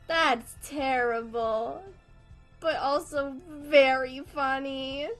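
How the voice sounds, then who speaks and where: A woman's voice: high voice, steady tone, drawn-out words, fairly bright tone, faint music behind. A young woman chatting casually on a live stream while drawing, swearing freely and laughing through her sentences. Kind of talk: casual livestream chat.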